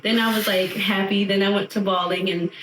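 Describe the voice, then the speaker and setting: A woman's voice: mid-range voice, fairly quick, background noise. Woman telling stories in a roomy space. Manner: animated storytelling, often laughing. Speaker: podcast co-host. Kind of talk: casual chat. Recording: roomy and distant from mic.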